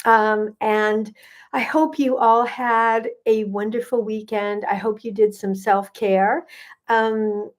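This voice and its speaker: A middle-aged woman, a gut health coach, chatting warmly and greeting viewers by name as she hosts a livestream. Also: mid-range voice, steady tone, slow.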